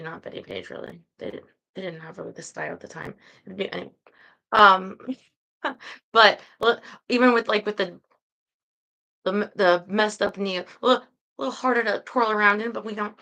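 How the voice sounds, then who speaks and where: A woman's voice: mid-range voice, vocal fry, bright, forceful tone, low-quality recording. A young woman streaming live, chatting casually with her viewers, laughing often and reading out their comments. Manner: chatty, giggly, reads chat aloud.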